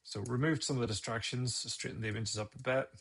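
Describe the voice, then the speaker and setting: A man's voice: mid-range voice, fairly even intonation, quick pace, creaky, fairly bright tone, breathy edge. A man casually talking viewers through a photo edit on a live stream, rambling and thinking aloud as he works.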